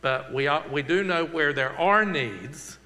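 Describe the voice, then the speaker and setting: Southern-accented pastor, bright voice. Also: male voice, a little high, expressive. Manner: earnest, conversational, slowing for emphasis. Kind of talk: church announcements and closing prayer. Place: church sanctuary. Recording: long reverb of a church hall.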